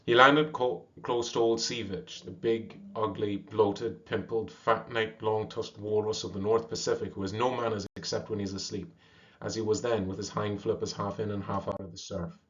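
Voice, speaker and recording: Low-voiced man reading a story aloud. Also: moderate pace. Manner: steady reading with small slips. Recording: dull lo-fi recording.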